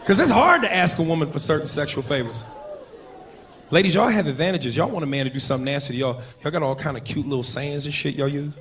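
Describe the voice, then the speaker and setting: A man's voice: a little high, animated, quick pace, fairly bright tone. A man doing a brash, profane stand-up routine on a comedy club stage. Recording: live club with crowd laughter.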